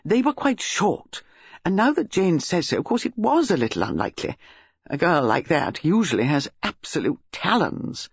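A brisk, friendly country lady chats away, as a woman reader puts her on. The voice is husky and lively, and the recording is dry with a dull edge. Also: lowish voice, no room sound, heavily acted. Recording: slightly dull lo-fi audio.

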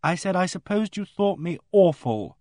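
A man reads aloud, raising his voice above its natural pitch to play a sullen, awkward teenage girl who speaks bluntly and gloomily and bursts into bitter outbursts. His high-sitting voice has lively intonation, a dark tone and normal speed, recorded dry with clean studio sound.

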